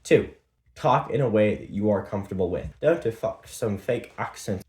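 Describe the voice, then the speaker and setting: A man giving fast, punchy tips on business presentations in a motivational talk. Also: lowish voice, lively intonation, darkish tone, roomy sound. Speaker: presentation skills coach.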